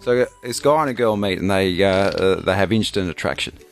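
A man's voice: deep voice, fairly quick, soft background music. A man with an Australian accent hosting breakfast radio, chatting and laughing easily as he tells jokes. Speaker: radio host.

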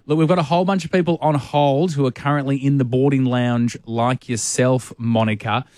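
A man's voice: medium pitch, steady tone, fairly quick, a little mellow, no room sound, clean studio sound. A man hosting a radio show, playful and laughing often, taking a live call. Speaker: radio host. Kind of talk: breakfast-radio banter. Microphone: studio microphone.

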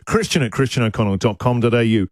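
A man's voice: mid-range voice, lively intonation, fast, no room sound, studio quality. A man hosting a radio show, joking and laughing often as he reads out listeners' misheard lyrics. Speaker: radio host. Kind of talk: comic radio banter. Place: radio studio. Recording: music bed behind voice. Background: music under the talk.

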